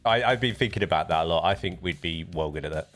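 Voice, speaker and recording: A man's voice: low-pitched, quick pace, fairly bright tone, soft background music. Chatty British man streaming live. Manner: rambling, chatty, often restarts sentences. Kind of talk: casual live-stream chat. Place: home desk setup.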